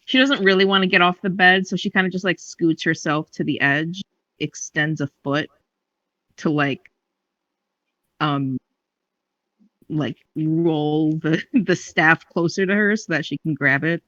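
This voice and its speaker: A woman's voice: deep voice, fairly even intonation, a little slow, long pauses, a bit bright, no echo, far from the mic, highs cut off. A woman playing a tabletop game, giggly and hesitant with many fillers. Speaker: player. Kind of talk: casual tabletop play.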